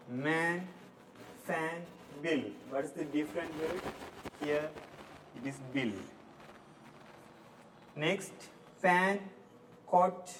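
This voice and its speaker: A male English teacher from Sri Lanka works through a lesson with slow, deliberate word-by-word drilling. His voice sits a little high. He is picked up from some distance, with a faint hum of the room behind him. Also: fairly bright tone. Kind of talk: recorded classroom lesson.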